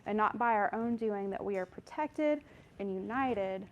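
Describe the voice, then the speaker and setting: In a muffled recording, a woman with a mid-range voice teaches a Bible study, reading scripture aloud without hurrying. She sounds earnest and conversational, makes apologetic asides, and seems slightly out of breath at the microphone.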